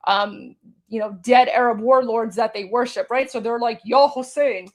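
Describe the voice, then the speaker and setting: An Iranian woman hosts a live stream, offering sarcastic, mocking reaction commentary and continually addressing her viewers. Her voice is fairly high and steady, with a moderate pace.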